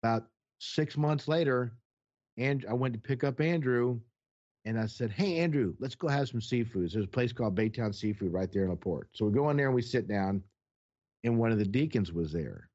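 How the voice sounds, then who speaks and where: A man's voice: mid-range voice, animated, normal speed, a little mellow. A man telling a heated personal story in casual conversation, blunt and profane as he recounts what happened. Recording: dull lo-fi sound.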